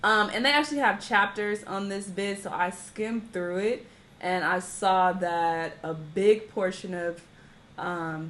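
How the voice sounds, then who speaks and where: A woman's voice: on the low side, a bit bright, slight background noise. A woman hosting a reaction video, chatting in a laid-back way with lots of slang. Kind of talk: casual reaction commentary.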